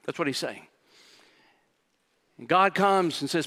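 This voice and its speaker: Man preaching, emphatic, rhetorical questions, high bright voice, long hall reverb. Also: expressive, unhurried. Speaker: pastor. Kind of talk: sermon.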